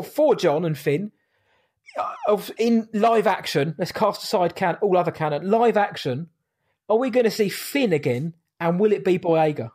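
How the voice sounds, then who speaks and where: A man's voice: a little high, warm tone. A man hosting a casual podcast chat, talking in an informal, chatty way. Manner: chatty, informal, says "mate". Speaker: podcast host.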